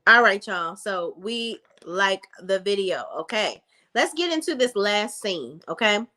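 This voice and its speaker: A woman giving a casual, sassy recap of a reality TV episode, telling the story in lively slang. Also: mid-range voice, unhurried. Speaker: recap vlogger.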